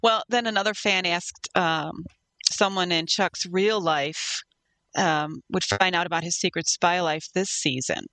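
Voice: mid-range voice, a little slow, bright, forceful tone, dry recording, poor audio. A podcast co-host in casual chat, recounting events plainly.

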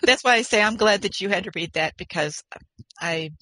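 A woman's voice: medium pitch, moderate pace, sharp tone, no echo. A woman co-hosting a podcast in a casual chat, playful and joking, laughing often. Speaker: podcast co-host. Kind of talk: casual chat, reading listener mail.

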